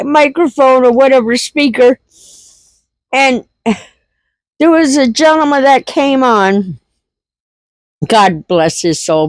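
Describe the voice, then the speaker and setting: Middle-aged woman, vlog storyteller, unhurried, close dry sound. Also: medium pitch, no room sound. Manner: laughs through her story, repeats herself. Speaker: homestead vlogger. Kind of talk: casual storytelling.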